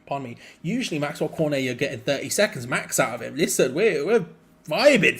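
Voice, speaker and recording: A young man hosting a live football watch-along, mixing quick play-by-play with rambling chat and sudden excited outbursts. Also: a little high. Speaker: fan channel co-host.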